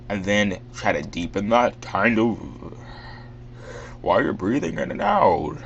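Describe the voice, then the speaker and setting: Rambling low-voiced man giving tips. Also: sing-song, measured pace, creaky, fairly bright tone, dull audio, a little hiss or hum. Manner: rambling and filler-heavy, full of "like" and "um". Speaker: vlogger teaching a voice impression. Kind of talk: casual how-to vlog.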